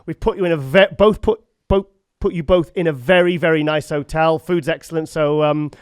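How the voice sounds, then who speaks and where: A man hosting a casual interview, chatty and quick to laugh. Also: on the high side, clean tone, dry recording, studio quality. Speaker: host. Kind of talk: casual chat.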